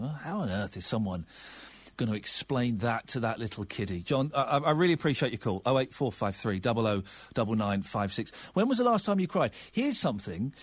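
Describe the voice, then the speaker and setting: Chatty, animated male radio presenter. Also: medium pitch, no room sound. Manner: chatty, animated, self-mocking. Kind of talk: phone-in radio chat. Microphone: studio microphone.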